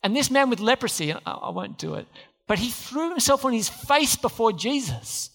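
A man's voice: very high-pitched, sing-song, moderate pace, creaky, a bit bright, in a large hall. A man preaching a sermon as pastor, emphatic and repeating key phrases. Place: church.

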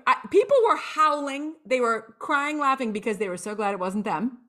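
A woman's voice: on the high side, moderate pace. A woman coach, a guest on a podcast, chatting candidly and acting out past moments as she talks. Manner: lively and expressive, acts out her own past lines. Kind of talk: candid storytelling interview chat.

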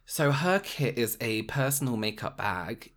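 A man, a makeup artist, retelling a work story in casual chat, animated and exasperated. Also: mid-range voice, unhurried.

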